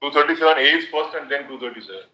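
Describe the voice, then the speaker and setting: Brisk, quick Indian male judge. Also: a little high, bright, forceful tone. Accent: Indian English. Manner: brisk, interrupting, directive. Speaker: judge on the bench. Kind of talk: courtroom exchange. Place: courtroom. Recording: echoey courtroom audio.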